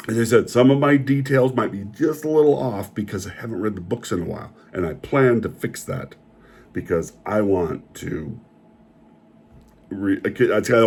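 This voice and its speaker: A man's voice: lowish voice, a little mellow, husky. A man delivering an opinionated, indignant rant as a film reviewer, often repeating himself.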